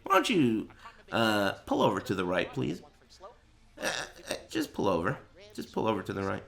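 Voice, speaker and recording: A man playing a police officer at a traffic stop, speaking in a slow, low, drawling, mock-polite voice. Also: wildly swooping pitch, vocal fry, a bit bright, heavily acted. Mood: mock-stern.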